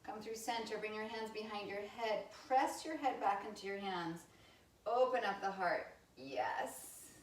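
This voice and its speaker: A woman in her thirties, a yoga instructor, giving gentle movement and breathing cues in a live class with chatty, candid asides. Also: medium pitch, measured pace. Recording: roomy sound from a distance from the mic.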